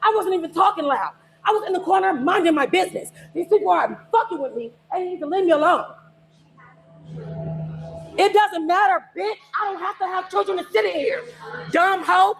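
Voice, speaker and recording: A woman on a phone livestream from inside a fast-food restaurant, cursing and confronting someone in an angry rant. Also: very high-pitched, expressive, creaky, slight background noise. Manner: profane, confrontational, repetitive shouting. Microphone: phone held for a livestream.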